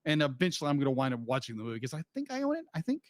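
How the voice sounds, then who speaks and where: A man co-hosting a podcast, talking loosely and restarting his sentences as he goes. His voice sits on the higher side. The sound is dry and close, with no room around it. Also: wildly swooping pitch, rapid-fire, no echo. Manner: rambling, with frequent restarts and laughs. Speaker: podcast co-host. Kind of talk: casual chat.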